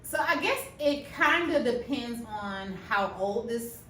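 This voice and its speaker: A woman co-hosting a podcast in casual chat, answering slowly and thoughtfully. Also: on the high side, expressive, a bit bright. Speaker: podcast co-host. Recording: roomy, distant mic, faint noise.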